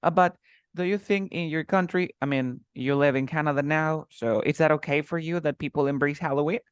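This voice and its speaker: A man's voice: a little high, clear, resonant tone, dry recording. Patient male English teacher, dry sound. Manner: patient, repeats words slowly for pronunciation. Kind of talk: conversational lesson, interview practice.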